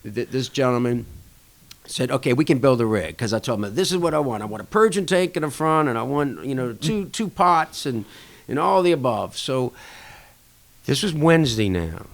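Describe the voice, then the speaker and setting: A man's voice: normal speed, gravelly. A man guest on a podcast, casually telling a long anecdote and acting out conversations with a rising and falling voice. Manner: animated anecdote-telling, acting out dialogue with shifting pitch. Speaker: podcast guest, restaurant association chair. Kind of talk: casual storytelling interview.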